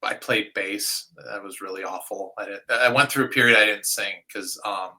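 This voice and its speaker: A middle-aged man, a guest vocalist, chatting casually in an interview, relaxed, with many fillers and soft trailing phrases. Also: on the low side, normal speed, rough recording.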